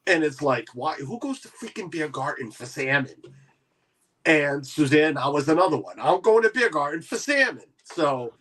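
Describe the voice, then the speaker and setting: A man's voice: fairly high pitch, big pitch swings, normal speed, a bit bright. A man hosting a casual livestream chat, rambling with many restarts. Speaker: livestream host.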